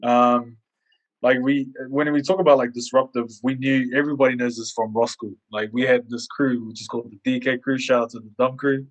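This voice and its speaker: A man's voice: mid-range voice, a little fast, low-quality recording. A man co-hosting a casual podcast chat, telling stories animatedly and acting out quoted lines. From Samoan community in New Zealand. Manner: animated storyteller who acts out quotes. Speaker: podcast co-host.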